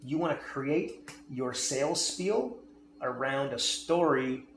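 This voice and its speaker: A man's voice: mid-range voice, slow, fairly bright tone. A man coaching on sales, talking emphatically and often checking in with "okay?" and "right?". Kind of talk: instructional talk on selling. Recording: echoey room with faint noise.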